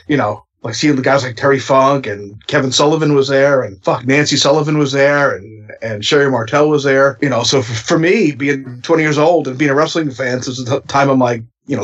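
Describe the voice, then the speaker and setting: A man's voice: medium pitch, fairly quick, hardly any pauses, a bit bright, husky. A middle-aged man, a former wrestler, telling stories as a podcast guest in a rambling, profane way with lots of fillers. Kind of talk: casual interview storytelling. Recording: dull lo-fi podcast audio.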